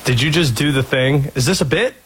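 A man from North Carolina hosting a sports talk radio show, dry and sarcastic, telling lively stories. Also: mid-range voice, brisk, husky. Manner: sarcastic, animated storyteller.

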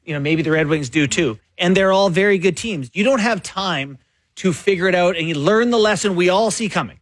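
A man co-hosting a sports talk show, making his case in a quick, conversational, opinionated way. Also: sits high, no echo. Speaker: sports radio co-host and columnist.

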